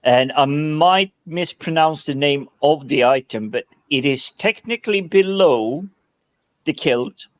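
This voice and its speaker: Slow-talking cheeky man. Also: on the high side, dry recording. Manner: cheeky, slow, repeating words. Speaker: host. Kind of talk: casual panel chat.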